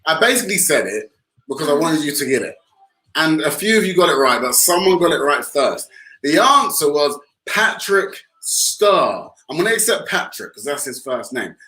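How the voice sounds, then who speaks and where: A man's voice: fairly high pitch, very animated, normal speed, bright, forceful tone. A man co-hosting an online art class, playfully running a quiz and cheering on viewers. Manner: playful, enthusiastic, addresses viewers. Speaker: co-host, quiz presenter. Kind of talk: upbeat online class banter. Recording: roomy echo.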